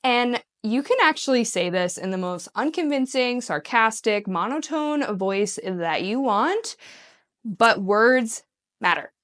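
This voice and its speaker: A woman talking to camera as a self-help coach, earnest and encouraging, who slips into bright mock-cheery voices when she quotes herself. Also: mid-range voice. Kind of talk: casual talk to camera.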